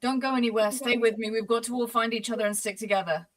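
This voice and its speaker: A woman playing a tabletop game with a somewhat higher voice and an urgent, quick way of asking things. She sounds set back from the mic. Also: steady tone, distant mic. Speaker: player.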